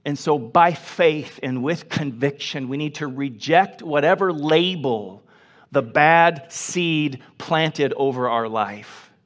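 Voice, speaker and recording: A man's voice: a little high, measured pace. A man preaching a sermon as pastor, earnest and emphatic, repeating phrases for emphasis. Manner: drops to a soft, hushed voice when telling a story. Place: church sanctuary.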